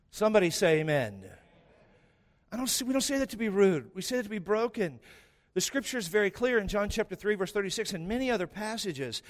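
A man's voice: high voice, animated, fairly quick, in a large hall. A man preaching a sermon as pastor, repeating key phrases for emphasis and having the congregation say verses aloud.

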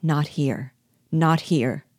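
Low mellow voice, woman reading a proud man begging for trust, slow and grave, dry sound. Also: husky, dry recording, heavily acted. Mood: pleading. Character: proud earnest enslaved man, pleading and tender. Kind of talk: reading a novel aloud.

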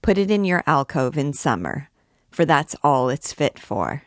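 A woman's voice: sits low, big pitch swings, unhurried, no echo, clean studio sound. A woman voicing a scornful, brooding male archdeacon, a priest, in a clipped way.

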